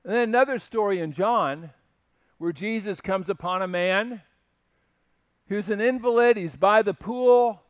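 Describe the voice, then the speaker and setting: A man's voice: high voice, no room sound, narrow, tinny audio. A man preaching a conversational sermon, earnest and emphatic as he retells stories. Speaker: pastor.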